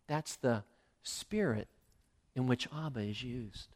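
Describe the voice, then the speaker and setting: A male preacher giving a sermon, emphatic and swinging between loud and hushed. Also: mid-range voice, slow pace, long pauses.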